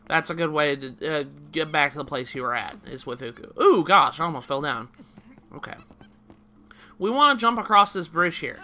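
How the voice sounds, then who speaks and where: A man's voice: on the high side, bright, forceful tone. A man giving a casual, chatty game walkthrough, often laughing while he explains each step. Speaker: let's play host.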